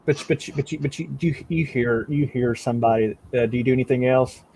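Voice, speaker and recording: A man's voice: mid-range voice, fairly quick, gravelly, darkish tone, husky, low-quality recording. A man narrating as game master of a tabletop game, often stumbling over repeated words.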